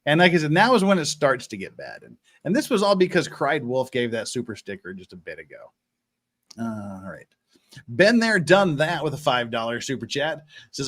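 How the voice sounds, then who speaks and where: A man's voice: medium pitch, big pitch swings, normal speed, fairly bright tone. A man hosting a casual livestream chat, reading viewer messages aloud and laughing easily. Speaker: host.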